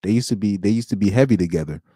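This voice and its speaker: A man's voice: lowish voice, racing, dark tone, slightly rough, no echo, clean studio sound. A young man streaming alone, chatting casually in slang, rambling and laughing as he goes. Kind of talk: casual chat.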